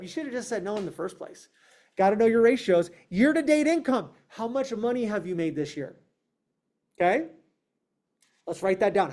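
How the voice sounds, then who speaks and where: A man's voice: high-pitched, darkish tone. Confrontational man coaching a sales team. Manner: confrontational, emphatic, asks the room questions; acts out clients and agents in quoted voices. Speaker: real estate team leader. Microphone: online meeting, speaking to a video call.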